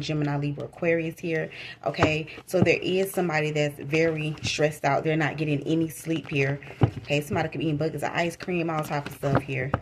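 A woman's voice: low voice, noisy background. A woman giving a casual tarot reading to her viewers, slangy and repetitive, talking straight to them. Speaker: tarot reader.

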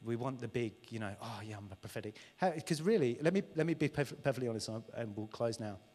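A man's voice: medium pitch, fast talker. A man preaching a live sermon in a church, candid and conversational, who acts out lines in an overexcited voice. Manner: animated, acts out dialogues with a mocking overexcited voice. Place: large church hall. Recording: church hall reverb, live stream.

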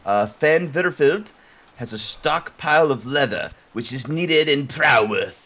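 A man at middle pitch whose voice rises and falls a lot, making wry jokes as he plays. He reads on-screen messages aloud with a playful edge in a casual chat. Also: animated, a little slow, fairly bright tone. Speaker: gaming channel regular. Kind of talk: casual multiplayer gaming chat.

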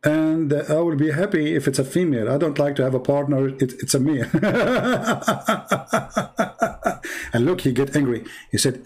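Speaking English with an Arabic accent and broken grammar, this Middle Eastern live stream host, whose first language is Arabic, sarcastically ridicules his opponent. His voice is fairly high and animated at a normal speed, darkish in tone with a breathy edge.

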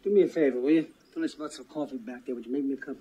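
An actor playing a brisk, commanding middle-aged fixer who gives curt orders. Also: male voice, medium pitch, dark tone, a little hiss or hum, lightly acted, rough recording. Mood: businesslike.

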